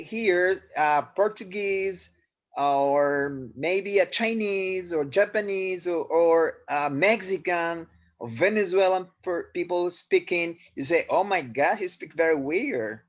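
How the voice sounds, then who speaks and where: A man whose first language is Spanish, explaining a point with quick restarts in a casual online discussion. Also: sits high, highs cut off. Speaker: webinar participant. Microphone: video call.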